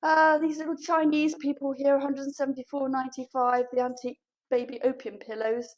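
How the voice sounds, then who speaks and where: Walking viewers through her furniture shop indoors on a live stream, a woman who runs the place chats and rambles, poking fun at herself. She speaks a little fast in a high, level voice, and the recording quality is low.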